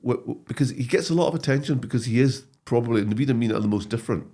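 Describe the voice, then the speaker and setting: A man, a comedy actor talking as a guest in a casual interview, animated and prone to restarts. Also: medium pitch, rapid-fire. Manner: animated storytelling with frequent restarts.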